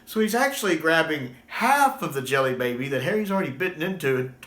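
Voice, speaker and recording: A man giving casual, enthusiastic fan commentary, getting animated when he quotes lines. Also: fairly high pitch, fast talker. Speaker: YouTube commentator. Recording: roomy echo.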